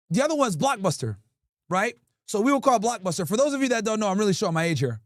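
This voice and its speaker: A man in his thirties from Connecticut, telling crude stories to his livestream chat in a lively, laughing way. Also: high voice, no echo, clean studio sound. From Connecticut, USA. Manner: animated, crude, laughing storyteller. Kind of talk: casual storytelling to chat.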